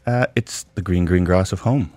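A man from Wales, a guest on a radio chat, talking easygoingly with dry humour and some halting restarts. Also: low-pitched, a little mellow, no room sound. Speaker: guest, social club representative. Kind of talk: casual chat interview.

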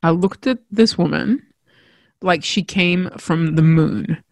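A woman telling a personal story as a mother in a frank, expressive, self-mocking way, swearing casually. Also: fairly low pitch, takes it slowly, long pauses, no echo.

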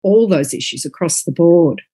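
A woman's voice: lowish voice, expressive, moderate pace, dark tone, breathy edge. A middle-aged woman, an author, talking earnestly on a podcast, often repeating words as she gathers her thoughts. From Australia. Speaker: author and guest. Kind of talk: casual podcast conversation.

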